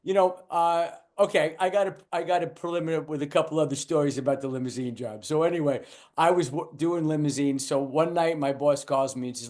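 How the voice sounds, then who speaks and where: An older man, a guest comedian, telling lively anecdotes in a casual chat, with stumbling restarts and acted-out quotes. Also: fairly high pitch, fast.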